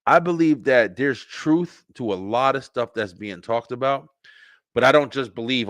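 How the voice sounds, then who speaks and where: A man hosting a webshow, talking in a rambling, profane, animated livestream monologue with lots of fillers and repeats. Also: fairly low pitch, fairly quick, no echo. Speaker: webshow host.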